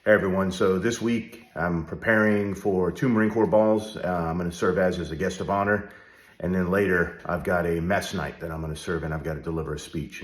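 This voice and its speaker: A middle-aged man speaking straight to the viewer as a leadership coach, direct and coaching, often checking in with "all right?". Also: deep voice. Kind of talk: direct-to-camera advice talk. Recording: roomy echo.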